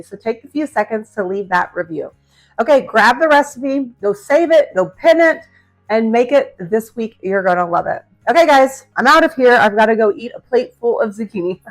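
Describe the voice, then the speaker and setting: A middle-aged woman hosting a casual cooking demonstration in her home kitchen, chatty and upbeat, talking to her viewers. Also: on the high side. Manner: chatty, upbeat, addresses viewers as guys and friends. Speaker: cooking channel host.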